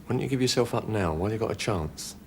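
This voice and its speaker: A tough, steady police sergeant. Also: male voice, fairly low pitch, fast, slight background noise. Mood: firm. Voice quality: firm, coaxing, calm. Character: tough steady middle-aged male police sergeant negotiating. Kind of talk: television police drama acting.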